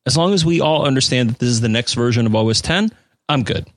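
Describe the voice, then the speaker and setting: A man's voice: medium pitch, quick pace, no room sound, studio quality. A man co-hosting a podcast in casual chat, joking around and rambling with lots of restarts. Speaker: podcast co-host.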